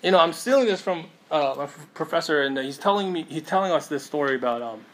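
A man preaching a sermon in a relaxed, conversational way, often checking in with his listeners and using many fillers. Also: a little high, fast talker. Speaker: pastor.

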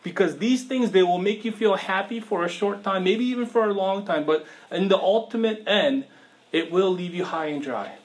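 A man's voice: high-pitched, moderate pace. A man preaching a sermon in a casual, conversational way, with slang and rhetorical questions to the listeners.

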